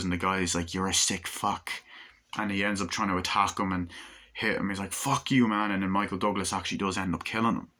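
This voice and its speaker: A man's voice: low voice, pushed and bright. A young man in his twenties casually reviewing a film, rambling and enthusiastic, with frequent swearing and fillers. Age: 20s. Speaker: movie reviewer.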